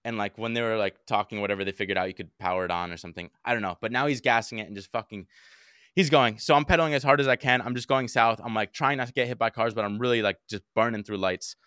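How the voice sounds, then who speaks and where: A young man telling a story in casual podcast chat, animated and swearing a lot. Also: lowish voice, quick pace, clean tone, no echo, clean studio sound. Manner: animated, heavy swearing, acts out his own shouts. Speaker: podcast co-host.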